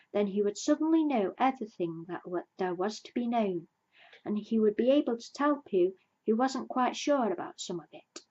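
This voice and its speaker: A woman reads a children's story aloud in a gentle, soft-spoken way, her mid-pitched voice carrying a slightly husky grain. The recording sounds dull and lo-fi, like a simple home setup. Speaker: reader. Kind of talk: storybook read-aloud narration.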